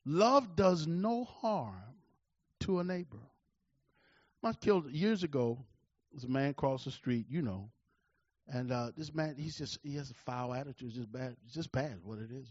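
A man in his forties preaching a sermon, calling out to the congregation and swinging between loud declarations and hushed, slow asides. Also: medium pitch, no room sound, highs cut off. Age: 40s. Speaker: pastor.

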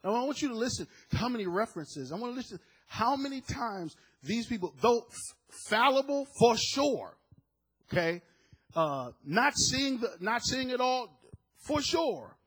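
Preacher, male, husky and high, fervent delivery with emphatic repeats. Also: big pitch swings, moderate pace, fairly bright tone, rough recording. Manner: fervent, emphatic, repeats words when moved. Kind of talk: sermon.

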